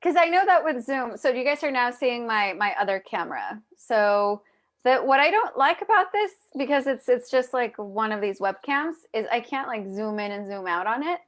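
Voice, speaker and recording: A woman's voice: a little high, animated, normal speed, fairly bright tone. A woman hosting a casual live video chat, talking straight to her viewers with lots of restarts, over a video call mic. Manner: chatty, addresses viewers directly, many restarts. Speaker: host.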